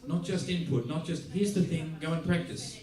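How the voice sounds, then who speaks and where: Man, Australian accent, lively masterclass storyteller, roomy hall, distant mic. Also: on the high side, normal speed. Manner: animated storyteller, acts out quotes, laughs often. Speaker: musician teaching a masterclass. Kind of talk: anecdote-driven talk to an audience. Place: large theater hall. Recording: echoey hall, voice from far off.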